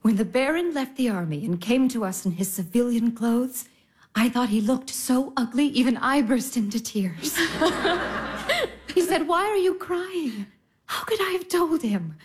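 An actress playing a gentle elder sister who consoles her sibling in a soothing, soft voice that at times drops to a whisper. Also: fairly high pitch, animated, measured pace, husky. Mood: tender. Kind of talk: stage drama acting.

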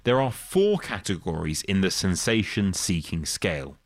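A man giving scripted documentary narration as the presenter, with a lively, expressive delivery. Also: low-pitched, normal speed, no echo.

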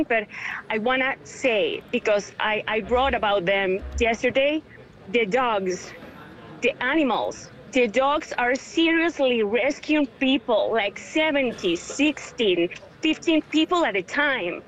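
This is a woman in her thirties speaking on a phone call, her voice slightly high and muffled by the line. She is tearful and halting, and she keeps restarting and repeating her words as she talks. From Venezuela. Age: 30s. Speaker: interview guest. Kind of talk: emotional phone interview.

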